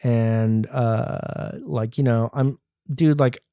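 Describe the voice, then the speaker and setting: A man's voice: medium pitch, steady tone, extremely slow, warm tone, dry recording, studio quality. Rambling, profane young man podcasting. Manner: rambling, profane, self-deprecating. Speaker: podcast host. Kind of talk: casual solo podcast monologue.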